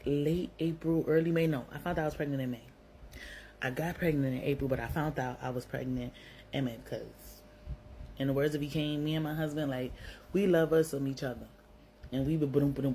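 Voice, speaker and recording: This young woman has a low, warm voice and a Brooklyn New York accent. She tells her own story plainly and slangily, swearing without restraint and leaning heavily on "like." The recording is rough, with slight background noise.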